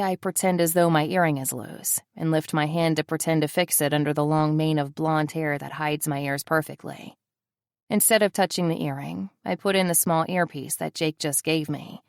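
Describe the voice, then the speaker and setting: A woman's voice: sits low, vocal fry, a little mellow, no room sound. A woman narrating a first-person audiobook in a wry, sardonic manner, close to the mic.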